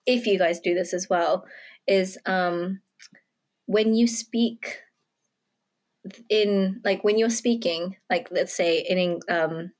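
A young woman co-hosting a podcast, talking in an animated, curious way full of likes and restarts. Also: mid-range voice, takes it slowly, pauses often. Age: young adult. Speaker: podcast co-host. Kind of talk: casual chat.

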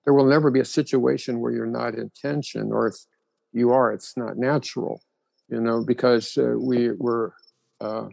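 A man's voice: mid-range voice, steady tone, normal speed, creaky, darkish tone, dry recording, low-quality recording. A man explaining ideas thoughtfully in a reflective conversation.

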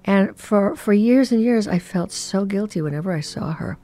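A woman in her eighties, a guest in a casual interview, telling stories expressively and dropping into soft asides. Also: mid-range voice, lively intonation, normal speed. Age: 80s.

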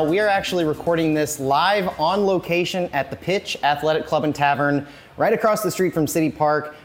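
A man's voice: a little high, faint music behind. Breathless man hosting a podcast. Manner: energetic, rapid listing of lineups. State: a little out of breath. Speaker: podcast host. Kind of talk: casual sports podcast chat. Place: bar and tavern, live on location.

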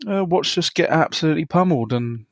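A man's voice: a little high, lively intonation, quick pace, no echo, studio quality. A man co-hosting a podcast, talking casually and hesitantly with plenty of ums. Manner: hesitant, full of ums and uhs. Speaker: podcast co-host. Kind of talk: casual chat.

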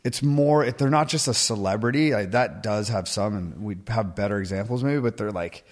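A podcast co-host chats loosely, swearing and laughing a lot. His voice sits on the low side and moves at a normal speed.

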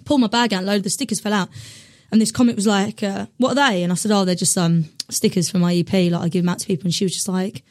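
Fast-talking young woman, swearing. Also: mid-range voice, dry recording, clean studio sound. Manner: animated storyteller, swears freely, acts out quotes. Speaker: poet and comedian guest. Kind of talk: casual interview chat.

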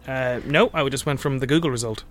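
Stammering comedy podcast host. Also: male voice, mid-range voice, brisk. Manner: stammering, restarts words, laughs at own bits. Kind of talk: improvised comedy podcast banter.

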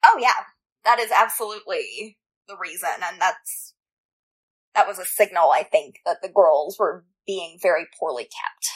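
A woman co-hosting a book podcast, measured and thoughtful in her points. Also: fairly low pitch, slightly rough, rough recording. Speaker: podcast co-host. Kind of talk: casual book discussion.

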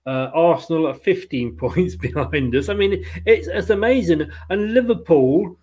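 Host: man, high voice, chatty and upbeat, laughs easily, casual football podcast banter. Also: animated, moderate pace, darkish tone, breathy edge.

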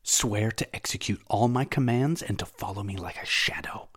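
A man voicing a scheming adult male former slave in a hushed, half-whispered tone for a storybook reading. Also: low voice, fairly quick, slightly rough. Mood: conspiratorial.

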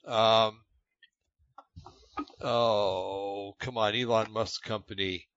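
A man's voice: lowish voice, steady tone, drawn-out words, a bit bright. An older man chatting casually on a live online show, meandering and grasping for names, heard over a video call. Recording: dull lo-fi call audio.

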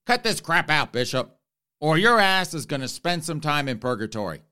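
A man's voice: on the high side, very animated, normal speed, pushed and bright, clear, resonant tone. A man voicing God as an exasperated, blunt old deity, grumbling about everyone's messes. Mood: scolding. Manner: grumbling, fed-up complaints.

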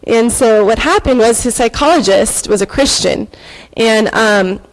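A woman's voice: on the high side, measured pace, poor audio. A woman in her thirties giving an earnest, emotional personal faith testimony on a church stage, with hesitant fillers. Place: church stage before an audience.

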